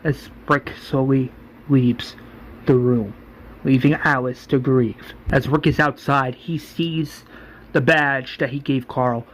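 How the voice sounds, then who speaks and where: A man's voice: mid-range voice, steady tone, slow, a little hiss or hum. A man giving a casual, rambling spoken recap, full of fillers, acting out the lines. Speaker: fan recapper.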